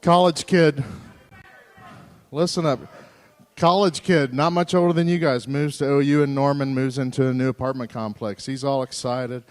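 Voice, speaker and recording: A man's voice: medium pitch, steady tone, a little fast, few pauses, a little mellow, smooth. A man emceeing an assembly, coaxing and teasing the crowd with joking banter.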